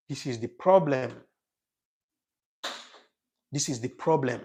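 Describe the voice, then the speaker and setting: A man's voice: mid-range voice, slow, long pauses, warm tone. A man hosting a casual livestream, reading out viewer comments and talking with emotion, often repeating his phrases. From Africa. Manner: emotional, repetitive, restarts phrases.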